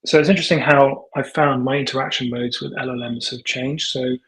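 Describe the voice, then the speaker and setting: A tech founder live-codes while thinking aloud in a steady, mid-range voice, muttering and halting with lots of ums and self-corrections. Now and then he dictates prompts to the computer. There's noise in the background.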